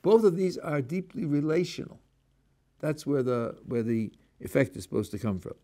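An older man, a rabbi, giving a Torah lecture and acting out the speakers in his examples, sprinkled with Hebrew religious terms. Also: moderate pace. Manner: animated, acts out a speaker's voice, rising and dropping pitch. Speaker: rabbi teaching a class.

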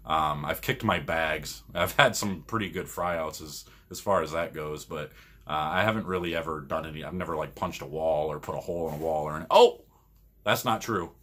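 Husky man telling stories with a laugh. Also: extremely low pitch, brisk. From Michigan, US. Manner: rambling, laughs often, animated when retelling arguments. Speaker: podcast co-host and pro bowler. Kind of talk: casual storytelling.

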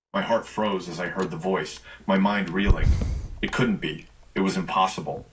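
Male narrator for a scripted horror read, low register, measured and tense. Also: fairly even intonation, slight background noise, poor audio.

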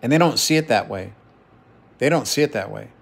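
A man's voice: medium pitch, lively intonation, a little fast, creaky, husky. A middle-aged man venting in an emotional personal monologue to his camera, heated and profane, repeating phrases for emphasis. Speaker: vlogger.

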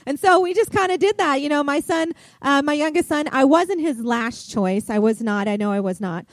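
A middle-aged woman pastor, preaching a sermon and telling a chatty, animated story full of fillers. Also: sits high, normal speed, no room sound.

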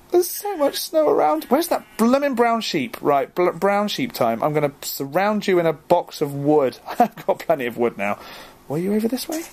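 A man's voice: sits high, a little hiss or hum. A young man talks his way through a video game in a bouncy, sing-song voice that leaps up and down. He jokes about himself and gets flustered easily, and the talk stays loose and chatty throughout. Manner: excitable, jokey, easily flustered, self-mocking. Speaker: gaming video host. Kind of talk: casual let's-play commentary.

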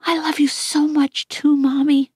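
A woman voicing a gentle, anxious young boy who speaks in a soft, pleading hush. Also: sits high, little pitch movement, measured pace, dry recording, clean studio sound, pitched above the performer's own voice.

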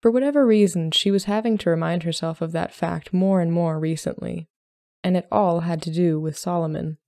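A woman hosting a short-story podcast, reading a story aloud in a measured, gentle way. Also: fairly low pitch, no echo, studio quality. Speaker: podcast host and story reader. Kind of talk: storytelling narration.

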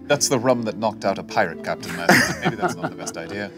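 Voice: sits low, animated, fast, music in the background. A player in a tabletop game, explaining moves and asking questions. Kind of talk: casual tabletop play.

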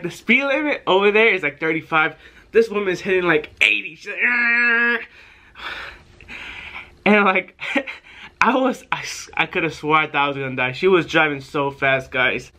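Young man, casual storyteller, bright forceful voice, animated and profane. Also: a little high, moderate pace. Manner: animated, profane, acts out quotes. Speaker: vlogger.

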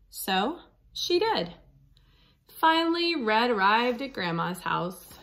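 A woman reading a picture book aloud to children in a slow, animated storytelling voice. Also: a little high. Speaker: storybook reader.

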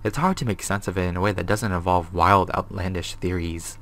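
A man's voice: sits low, fairly even intonation, a little fast. A young man hosting a gaming video. He reads a horror game's text aloud and reacts with nervous swearing. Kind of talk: horror game commentary and reading game text aloud.

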